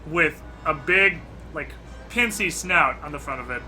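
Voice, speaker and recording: A man runs a tabletop role-playing session as game master, describing the scene in a loose, meandering way full of "like" and "uh". His voice sits a bit high and rings very bright and tense, with faint music underneath. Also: animated, a little slow. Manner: descriptive, loose narration with many fillers.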